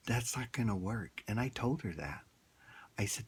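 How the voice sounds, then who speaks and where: A man's voice: fairly low pitch, lively intonation, takes it slowly, long pauses, husky. A man ranting bluntly in a rambling, casual opinion monologue. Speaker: vlogger.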